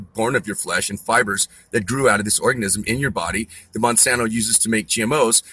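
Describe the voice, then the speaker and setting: A man's voice: on the low side, bright, forceful tone, slightly rough, no room sound. A man delivering an angry, profane, rambling rant to camera outdoors near a store. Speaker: vlogger. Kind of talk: ranting monologue to camera.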